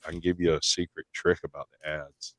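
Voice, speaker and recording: A man's voice: a bass voice, flat delivery, fairly quick, a bit bright, no room sound. A man hosting a live stream in easygoing, playful casual chat. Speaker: livestream host.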